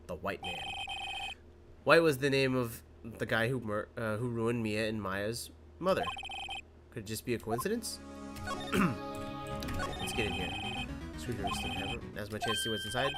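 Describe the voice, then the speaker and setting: A man's voice: lowish voice, animated, a little fast. Man casually voicing a game over music. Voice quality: casual, jokey asides. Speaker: let's-play voice actor.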